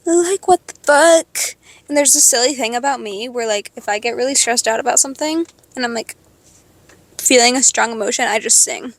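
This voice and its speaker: Young woman, 18, high-pitched, gravelly fry, profane sarcastic venting, dry close mic. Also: moderate pace, dry recording. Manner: profane, ranting, sarcastic, swinging from loud outbursts to quiet mutters. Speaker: vlogger. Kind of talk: venting to camera.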